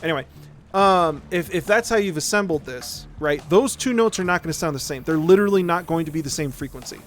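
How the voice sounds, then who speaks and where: Expressive and a little quick, this slightly high male voice belongs to a streamer covering music theory as he plays. He rambles casually, doubles up on words, and often checks in with "right?"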